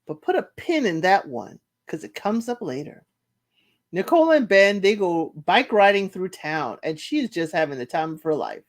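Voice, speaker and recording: A woman's voice: lowish voice, normal speed. Woman doing a chatty reality tv recap, voice jumps all over, keeps laughing. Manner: animated, laughs, mimics cast members' quotes. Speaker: reality show recap host. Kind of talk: casual commentary recap.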